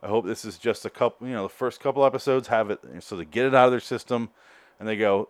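A man's voice: medium pitch, quick pace, dry recording. A man hosting a solo podcast, reviewing an episode in a rambling, joking way that keeps correcting itself. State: out of breath. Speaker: podcast host.

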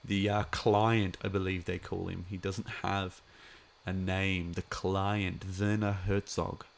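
A man's voice: deep voice, level tone, slow, vocal fry, a little hiss or hum. A man chatting casually as a live streamer, rambling with many fillers.

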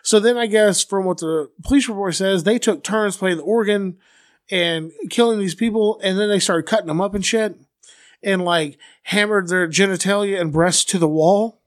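A man's voice: sits high, normal speed, dry recording, studio quality. A man co-hosting a podcast, telling a true-crime story casually and crudely, with lots of fillers and acted-out quotes. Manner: loose, crude, full of fillers, acts out quoted people.

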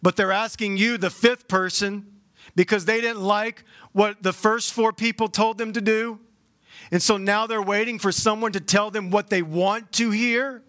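A man preaching a sermon as a pastor, in a conversational and animated way with sudden jumps in pitch. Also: measured pace, no echo, studio quality.

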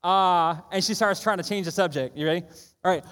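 A man preaching a sermon in a church auditorium, energetic and conversational, often asking the room if they are ready. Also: high voice, brisk. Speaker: pastor. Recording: long church hall reverb.

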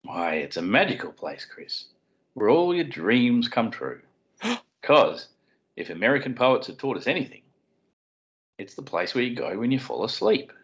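Deep-voiced man, explaining. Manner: explanatory, with wry puns. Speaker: podcast co-host. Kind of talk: casual chat and Bible teaching. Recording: dull lo-fi sound.

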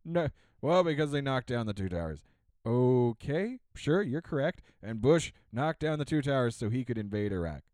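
A man's voice: medium pitch, big pitch swings, moderate pace, darkish tone, dry recording. A man on a podcast, chatting casually in a sarcastic rant, full of fillers and restarts. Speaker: podcast co-host. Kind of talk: casual ranting chat.

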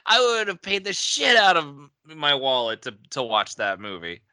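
A man's voice: on the high side, wildly swooping pitch, normal speed, sharp tone, dry recording, studio quality. A man chatting casually as a podcast co-host, often laughing and stumbling over repeated words. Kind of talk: casual chat.

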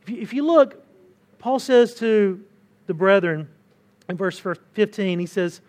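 High-voiced man preaching a sermon. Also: expressive, measured pace, darkish tone. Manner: conversational, repeats words while preaching, rises when pressing a point. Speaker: pastor. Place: church hall.

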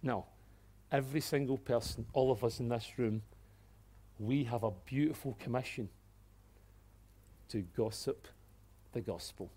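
Animated man preaching a sermon. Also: medium pitch, slightly rough. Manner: animated, swings between hushed and exclaiming; light-hearted asides. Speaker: pastor.

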